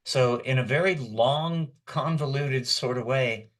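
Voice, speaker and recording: A man's voice: mid-range voice, unhurried. A man in his sixties, a guest voice actor, telling long rambling anecdotes with chuckles in a casual chat. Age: 60s. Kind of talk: casual storytelling.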